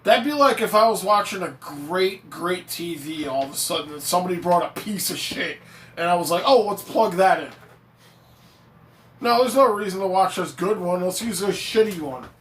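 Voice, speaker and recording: A man's voice: sits high, expressive, normal speed, a bit bright, a little hiss or hum. A man ranting on a live stream as a fan reacting to a game, swearing freely, getting fired up and reading viewer chat aloud. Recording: echoey room.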